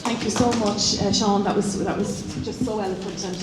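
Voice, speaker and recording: A woman's voice: medium pitch, fairly even intonation, moderate pace. A woman acting as master of ceremonies, thanking a speaker and introducing the next in a gushing way. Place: large hall. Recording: echoey hall with clear room noise.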